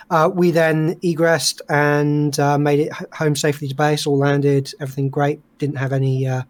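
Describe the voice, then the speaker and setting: A man's voice: mid-range voice, a little mellow. A man leading a strike flight, giving a casual and hesitant debrief. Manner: hesitant, filler-heavy.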